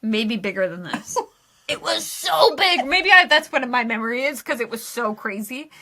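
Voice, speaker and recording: High, bright-voiced young woman telling stories. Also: normal speed. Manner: animated, breathless storytelling with frequent laughter. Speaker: podcast co-host. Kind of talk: casual storytelling chat.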